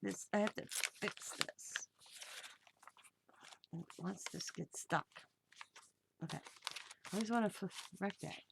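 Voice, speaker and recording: Chatty woman with a gravelly edge. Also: mid-range voice, slow, pauses often, noisy background. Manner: rambling storytelling with reported dialogue. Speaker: crafting channel host. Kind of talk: casual crafting chat.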